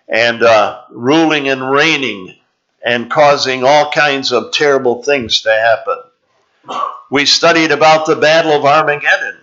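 A man preaching a sermon in a church, teaching slowly and deliberately and drawing out the scripture he reads aloud. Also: mid-range voice, bright, forceful tone. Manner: slow, deliberate preaching with drawn-out scripture reading. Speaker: pastor. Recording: dull, slightly lo-fi sound.

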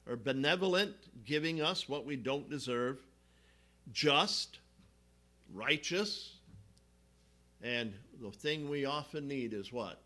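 A man's voice: medium pitch, unhurried, fairly bright tone. A man preaching a sermon as pastor, teaching from slides and putting questions to the congregation.

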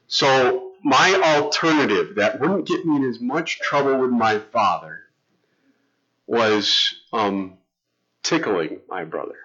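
Middle-aged male pastor, chatty storytelling sermon delivery, forceful tone, muffled recording. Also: mid-range voice, animated, takes it slowly. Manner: conversational, storytelling with self-interruptions and restarts. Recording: dull lo-fi sound.

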